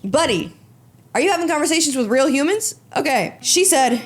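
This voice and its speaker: Young woman podcast host, fairly high voice, crude and sarcastic, faint music behind. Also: lively intonation, moderate pace. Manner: sarcastic, crude, mocking impressions. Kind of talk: solo comedic commentary.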